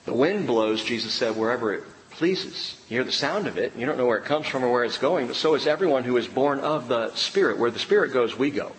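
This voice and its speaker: Middle-aged pastor guy preaching, lively pitch, big echoey hall, faint hum behind. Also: brisk, hardly any pauses. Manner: animated preaching, swinging from loud bursts to hushed lines. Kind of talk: sermon. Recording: reverberant hall with faint room noise.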